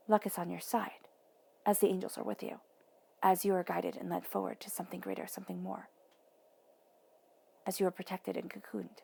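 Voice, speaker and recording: A woman giving a tarot reading, soothing, sometimes dropping to a soft whisper, with playful asides. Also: mid-range voice, gravelly. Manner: playful asides, acts out voices in quotes. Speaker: tarot reader. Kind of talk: intuitive tarot reading monologue.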